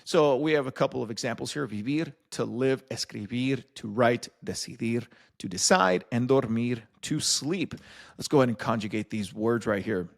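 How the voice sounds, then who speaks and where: A man's voice: medium pitch, lively intonation, moderate pace, vocal fry. A young man hosting a casual Spanish lesson, joking loosely with many fillers and restarts. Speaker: Spanish teacher and host.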